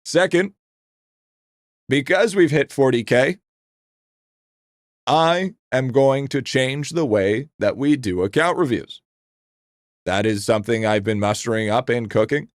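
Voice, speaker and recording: A man's voice: medium pitch, no echo, studio quality. Rambling, foul-mouthed male game streamer. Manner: rambling, profane, excitable. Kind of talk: casual live-stream chat.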